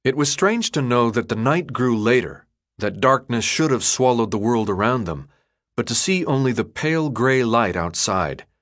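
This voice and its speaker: A man reading an audiobook in scripted narration with a steady, even delivery. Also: medium pitch, moderate pace.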